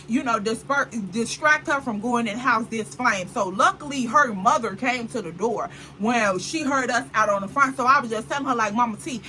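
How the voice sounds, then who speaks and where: Brief: woman storyteller, lively and dramatic, bright voice with faint background noise. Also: on the high side, normal speed, hardly any pauses, rough recording. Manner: animated and dramatic, full of slang asides to the viewer. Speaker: vlogger. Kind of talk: casual storytime chat.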